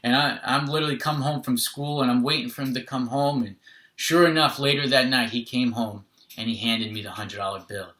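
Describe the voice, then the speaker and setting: A man's voice: mid-range voice, fairly even intonation, fairly quick, sharp tone, echoey room. A man telling a personal story in an earnest, conversational way, often adding "literally" and "right?".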